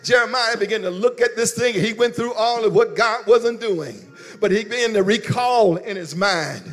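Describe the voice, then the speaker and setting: A man preaching with a high, ringing voice that carries through a church with a long, lingering reverb. He calls on the congregation to repeat after him and drives his points with a rhythmic "uh" cadence, rising to shouts. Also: normal speed. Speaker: pastor. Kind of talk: sermon. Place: church sanctuary.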